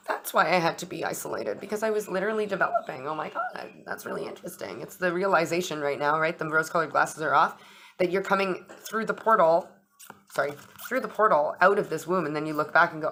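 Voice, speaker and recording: A woman's voice: low-pitched, a little fast, fairly bright tone, slight background noise. A young woman hosting an astrology and tarot chat, talking casually, swearing freely and acting out little dialogues. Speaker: astrology and tarot channel host.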